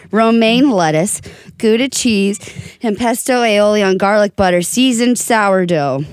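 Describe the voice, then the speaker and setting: A woman's voice: mid-range voice, no echo. A woman co-hosting a radio show, chatting casually and describing food in detail. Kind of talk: casual banter.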